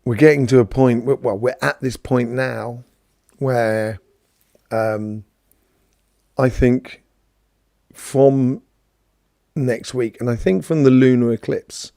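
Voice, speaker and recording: Gravelly, mellow man, rambling chat. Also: mid-range voice, steady tone, takes it slowly, pauses often, no echo, studio quality. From London, England. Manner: rambling, chatty, greets viewers by name, many fillers. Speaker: host of a live Q&A stream. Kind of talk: casual spiritual talk answering viewers.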